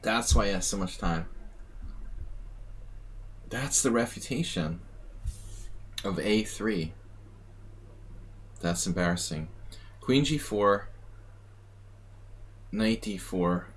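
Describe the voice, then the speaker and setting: A man's voice: fairly low pitch, expressive, takes it slowly, long pauses, slight background noise. A man streaming a chess simul, thinking aloud in a muttering, self-mocking way. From United States. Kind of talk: live commentary while playing.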